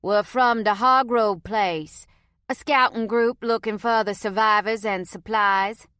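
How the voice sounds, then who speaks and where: A woman's voice: medium pitch, fairly even intonation, unhurried, a bit bright, clear, resonant tone, no echo, clean studio sound, voice pushed up, lightly acted. A woman voicing a friendly, grinning Cajun scout man in his thirties, with a Cajun accent and an easygoing, coaxing drawl, in an audiobook. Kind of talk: audiobook character voice.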